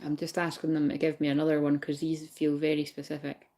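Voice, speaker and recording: A woman talks through a spiritual reading in a loose, rambling way, with a voice sitting a little low. She drops swear words freely and laughs often. She keeps checking in with her listeners to ask if they know what she means. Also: completely flat delivery, fast talker, warm tone. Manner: laughs often while talking. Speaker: spiritual reader. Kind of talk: casual spiritual reading to viewers.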